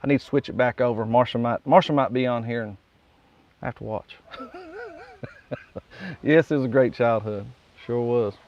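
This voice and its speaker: A man's voice: medium pitch, normal speed, long pauses, darkish tone, muffled recording. Folksy West Virginian man chatting live. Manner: rambling and folksy, reads viewer comments aloud and chuckles often. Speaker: host of a live morning coffee stream. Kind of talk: casual live-stream chat.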